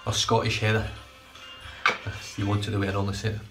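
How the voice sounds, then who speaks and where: Low, flat-voiced sweary man. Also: quick pace, vocal fry, music in the background. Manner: rambling, sweary, self-correcting. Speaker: shaving vlogger. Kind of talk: casual product review chat. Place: home bathroom.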